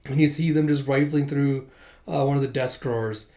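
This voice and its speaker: A man's voice: medium pitch, fairly even intonation, moderate pace, warm tone. A man recapping a comic chapter in casual, chatty talk, with lots of fillers and laughs. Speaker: comic chapter reader and commentator.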